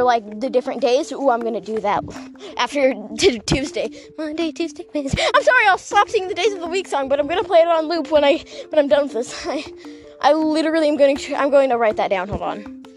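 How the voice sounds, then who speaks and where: High-voiced giggly rambling woman. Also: darkish tone. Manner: rambling, giggly, full of fillers and self-interruptions. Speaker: podcast host. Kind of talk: casual storytelling chat.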